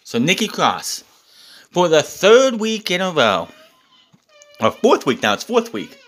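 A man's voice: high voice, wildly swooping pitch, measured pace, a bit bright. A man recapping a wrestling show in a casual, exasperated rant, swearing often.

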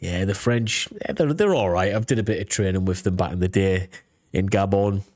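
A man's voice: deep voice, normal speed, a little mellow, no room sound, studio quality. A British man casually reacting to a video, talking in a rambling way with lots of restarts and fillers. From United Kingdom.

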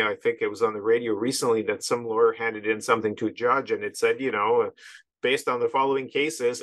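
A man's voice: medium pitch, a bit bright, no room sound, poor audio. A middle-aged man from Canada, a podcast guest talking casually in a rambling way with many asides.

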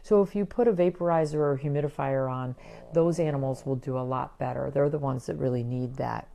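A middle-aged woman veterinarian giving a chatty, animated talk about pets, full of quick asides. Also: a bass voice, creaky, a little hiss or hum. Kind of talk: casual educational talk.

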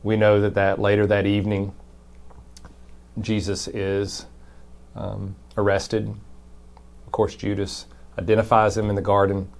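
A man's voice: on the low side, monotone, measured pace, gravelly, pauses often, darkish tone. A man, a pastor, giving a brief conversational devotion and reading Scripture aloud with emphasis. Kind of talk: short recorded devotion.

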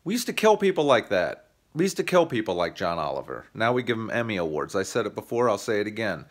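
This American comedian's ranting video monologue is profane, sarcastic and confrontational, aimed straight at the camera for his channel. He talks quickly in a lowish, sing-song voice.

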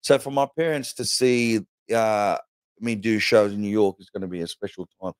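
An Australian man in his forties, a comedian chatting as a podcast guest and telling stories in an animated way, often restarting with "you know". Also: fairly low pitch, normal speed, smooth, no echo, clean studio sound. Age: 40s. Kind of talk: casual podcast chat.

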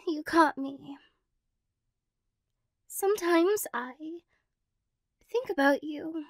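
A woman in a whispered role-play as a tearful ex-girlfriend, talking softly and rambling, flustered and emotional. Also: high voice, no room sound, studio quality. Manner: soft, rambling, self-conscious and emotional. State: teary after crying. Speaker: ASMR role-play performer.

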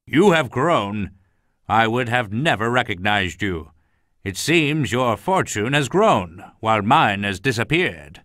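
A man's voice: medium pitch, big pitch swings, fairly bright tone, no room sound, clean studio sound. A man voicing a weary, mournful old knight. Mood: sorrowful. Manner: slow, mournful and resigned. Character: weary, downcast older male knight. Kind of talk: audiobook character voice.

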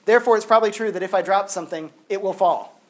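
High-pitched and fast, this man teaches a university philosophy class. He chats animatedly, filling his sentences with "like."

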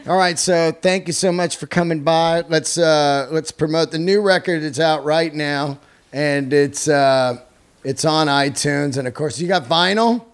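A man's voice: a little high, unhurried, clean tone. A male podcast host interviewing a band in loose, enthusiastic chat full of swearing.

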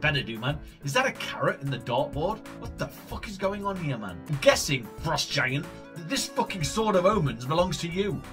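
Casting: male gaming host, profane and jokey, bright lively voice, light music behind. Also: fairly high pitch, moderate pace. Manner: profane, joking, laid-back. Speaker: gaming streamer. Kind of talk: let's play commentary.

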